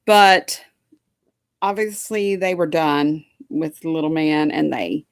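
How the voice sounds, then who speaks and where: A woman's voice: low voice, takes it slowly, no room sound, studio quality. A woman chatting casually to a live audience at home, folksy and doting, drifting into baby talk with her dog. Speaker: livestream host chatting with viewers.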